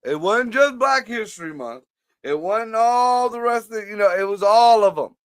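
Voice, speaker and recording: A man's voice: high-pitched, lively intonation, normal speed, smooth, no room sound. A man co-hosting a casual podcast chat, blunt and profane, laughing often. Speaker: podcast co-host.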